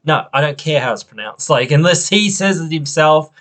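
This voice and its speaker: A man's voice: on the high side, animated, normal speed, fairly bright tone. Ranting podcast host, a man. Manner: ranting, frustrated, rambling. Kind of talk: casual opinion podcast.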